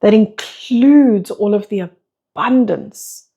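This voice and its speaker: A woman's voice: mid-range voice, slow, warm tone, husky. A woman speaking as a spiritual teacher and breathwork facilitator, delivering a flowing monologue full of repeated rhetorical questions.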